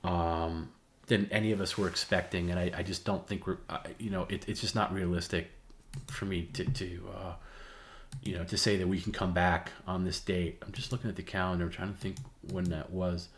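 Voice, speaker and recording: A man co-hosting a show, chatting casually on a livestream in a halting, soft-spoken way with many restarts. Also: low-pitched, little pitch movement. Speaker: show co-host.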